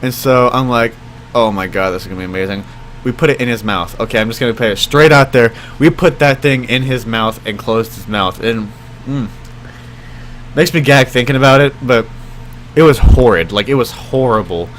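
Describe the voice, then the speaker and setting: A young man casually telling a story on his vlog, rambling with lots of fillers and jumping his pitch when he quotes people. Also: fairly quick, fairly bright tone, a little hiss or hum. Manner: rambling, many fillers like "like" and "I mean"; acts out quoted voices with jumps in pitch. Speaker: vlogger.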